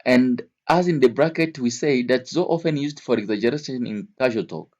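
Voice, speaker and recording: A man teaching English vocabulary to learners, speaking slowly and repeating each word and example several times. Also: mid-range voice, darkish tone, muffled recording. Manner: slow, repeats words and examples.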